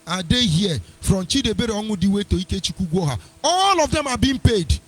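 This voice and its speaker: A man hosts a live radio talk show in a rather high, husky voice. He argues combatively and mocks his opponents with sing-song asides. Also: big pitch swings, a little fast. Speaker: radio host. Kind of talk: live internet radio commentary.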